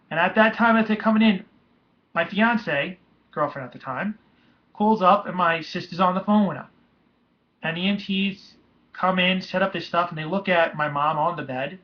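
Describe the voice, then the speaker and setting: Young man telling a painful story, lo-fi. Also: on the high side. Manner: halting, emotional, retelling with many restarts. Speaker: vlogger. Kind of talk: personal storytelling. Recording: dull lo-fi home recording.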